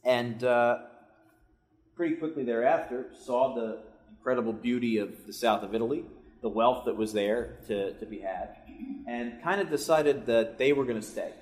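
A man's voice: medium pitch, normal speed, a little mellow. A man giving a live history lecture, telling it as a story with casual asides to the audience. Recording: echoey room recording.

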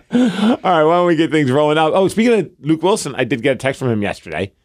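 A man's voice: on the high side, expressive, fairly quick, a little mellow, no echo, clean studio sound. A man in his thirties co-hosting a podcast, telling rambling, self-deprecating stories in casual chat. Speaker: podcast co-host.

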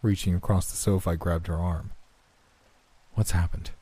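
A man narrating a first-person horror story in a steady, measured, subdued way. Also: low-pitched, no echo.

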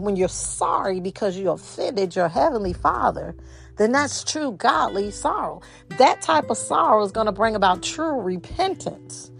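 A woman's voice: medium pitch, creaky. A middle-aged woman, preaching a sermon in an earnest, repetitive way and putting questions straight to her listeners.

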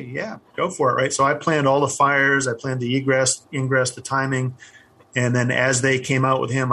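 A middle-aged man who once flew army helicopters tells his story in an interview, candid and halting with plenty of fillers. His voice is mid-range and a bit bright.

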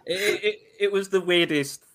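A man from Wales, a podcaster guest giving measured opinions in casual sports talk. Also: high voice, noisy background.

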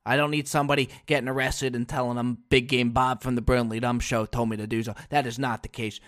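A man hosting a solo comedy podcast, telling stories with loud bursts and low asides and casual swearing. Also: flat delivery, quick pace. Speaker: podcast host. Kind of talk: comic solo podcast monologue.

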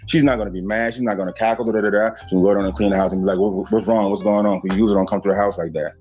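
A man's voice: fairly low pitch, fairly even intonation, racing, darkish tone, soft background music. A man hosting a casual podcast, cursing freely and lecturing his listeners directly. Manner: profane, preachy, addresses listeners directly. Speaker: podcast host.

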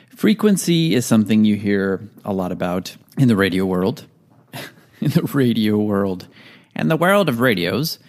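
Low-voiced jokey male podcast host. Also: creaky. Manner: jokey, rambling, goofy asides. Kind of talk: casual podcast monologue.

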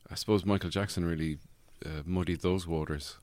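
Man, very low voice, dry studio sound, rambling comic chat. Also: fairly even intonation, brisk, a little mellow, dry recording. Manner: rambling, laughs often, trails off. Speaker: podcast host. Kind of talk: casual comedy chat. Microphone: studio microphone.

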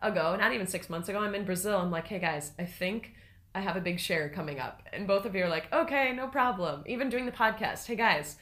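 A woman's voice: on the low side, fast. Reflective middle-aged woman on a podcast. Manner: reflective, animated when quoting herself. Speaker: podcast co-host. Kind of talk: casual podcast conversation.

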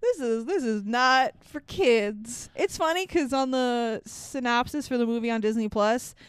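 Brief: young woman, podcast co-host, smooth clear voice, dry close sound, laughs a lot. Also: a little high, unhurried, no echo. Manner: laughs often, acts out characters' lines. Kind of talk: casual movie-recap chat.

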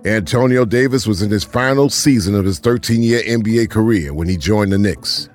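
A man giving scripted documentary narration in a measured, even delivery. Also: fairly low pitch, faint music behind. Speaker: podcast narrator.

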